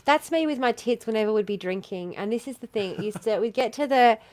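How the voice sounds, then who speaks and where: An Australian woman co-hosting a podcast, telling crude bar stories in a loud, profane, animated way that rises to near-shouts. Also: a little high, quick pace, no echo. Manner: loud, profane storytelling that builds to excited shouting. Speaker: podcast co-host. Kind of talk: casual chat.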